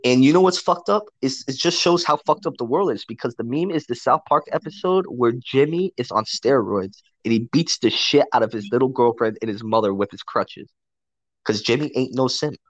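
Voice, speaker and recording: Talking a little fast in a medium-pitched voice, this co-host spins a crude, profanity-laden story for his friend, laughing throughout in an animated way. There's no echo on the recording.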